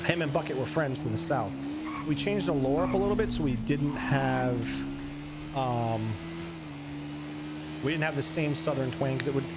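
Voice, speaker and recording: A man's voice: medium pitch, very noisy. A man streaming a roleplay game, chatting casually and talking to himself as he plays. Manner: rambling, talks to himself while playing. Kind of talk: casual gameplay commentary.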